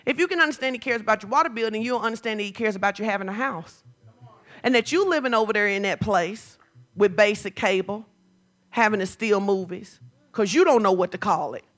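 A woman pastor preaching a sermon, moving from chatty storytelling to loud, fervent declarations. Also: mid-range voice, fairly quick.

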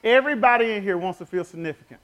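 High, bright-voiced preacher. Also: male voice, rapid-fire. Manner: fervent, storytelling, congregation call-and-response. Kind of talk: sermon.

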